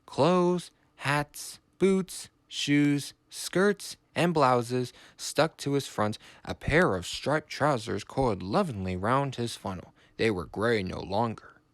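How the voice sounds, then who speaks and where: A man narrating a children's storybook in a measured, expressive way. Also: mid-range voice, no echo.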